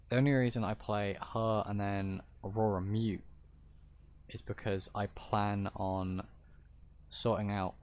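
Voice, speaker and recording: Low-voiced man rambling to his stream. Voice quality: deep-ish voice. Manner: rambling, hesitant explaining. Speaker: roleplay streamer. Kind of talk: casual chat to stream viewers.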